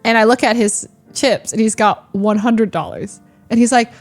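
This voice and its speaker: A young woman streamer in casual storytelling chat, animated, laughing often and acting out the people she quotes. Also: fairly high pitch, normal speed, soft background music.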